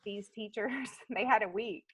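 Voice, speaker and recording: A woman's voice: medium pitch, a little slow, fairly bright tone, slightly rough, rough recording. A woman in her thirties, a guest in a casual interview, telling stories in a chatty way with lots of fillers. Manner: chatty storyteller, many fillers, acts out quotes. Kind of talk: casual chat.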